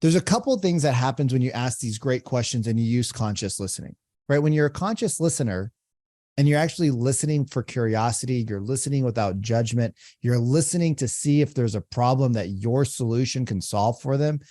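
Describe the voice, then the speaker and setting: Mellow-voiced man coaching on sales calls. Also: mid-range voice, expressive, brisk, no echo, clean studio sound. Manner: explanatory, repeats phrases, frequent "right?". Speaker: sales coach and podcast host. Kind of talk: coaching commentary.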